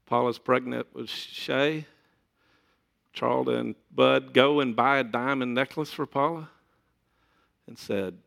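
A man's voice: medium pitch, steady tone, slow pace, creaky, long pauses, fairly bright tone. A middle-aged man preaching a sermon in a conversational way, with joking asides to the congregation. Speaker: pastor.

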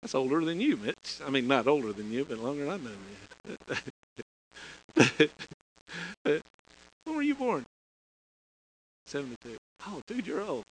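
A man's voice: on the high side, big pitch swings, a little slow, long pauses, a little hiss or hum, poor audio. A middle-aged man preaching a storytelling sermon in a folksy way, chuckling and restarting phrases. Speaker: pastor.

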